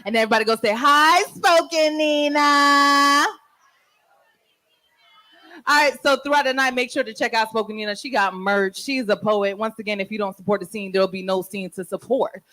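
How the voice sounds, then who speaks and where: A woman's voice: medium pitch, steady tone, fast talker, few pauses, fairly bright tone, low-quality recording. A woman hosts a live open mic from a venue stage, speaking into a handheld mic. Her delivery is brash and playful, full of teasing and crowd-hyping. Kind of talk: live event hosting.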